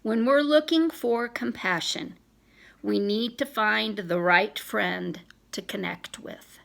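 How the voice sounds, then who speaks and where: Woman vlogger reading self-help stuff aloud, earnest, lots of vocal fry. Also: medium pitch, slow, a bit bright. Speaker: business vlogger.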